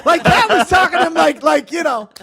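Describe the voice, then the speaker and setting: A man's voice: very high voice, fairly quick, gravelly, crowd noise. A man, a guest comedian, telling profane stories in casual chat on a studio podcast, acting out the people he quotes. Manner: animated, profane, acts out quotes loudly. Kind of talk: casual storytelling.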